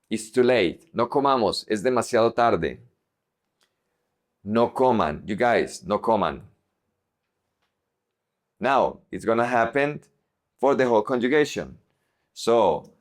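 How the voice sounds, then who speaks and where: A man teaching a language lesson, modeling each example word slowly and repeating it for practice. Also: medium pitch. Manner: slow, deliberate modeling of words. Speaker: Spanish teacher.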